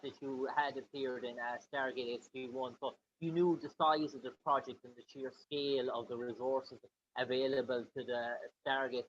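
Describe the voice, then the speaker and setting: A man hosting an interview, asking long, halting questions with many pauses. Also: mid-range voice, bright, forceful tone, highs cut off, slight background noise. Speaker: interviewer host.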